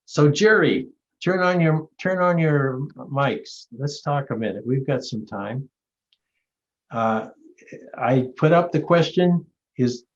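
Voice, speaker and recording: A man's voice: mid-range voice, dull audio. A man in his seventies from Maine, telling stories and leading a discussion over a video call, with frequent restarts. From Maine, USA. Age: 70s. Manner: rambling, storytelling, frequent restarts. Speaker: award recipient leading a session. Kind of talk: reflective talk and discussion.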